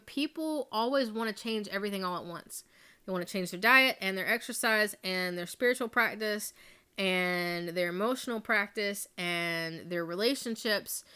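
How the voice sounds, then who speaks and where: A woman's voice: medium pitch, sharp tone, clear, resonant tone. A woman hosting her own podcast as a life coach, talking off the cuff in a candid, chatty way with casual swearing and tangents. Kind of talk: casual unscripted podcast monologue. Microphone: studio microphone.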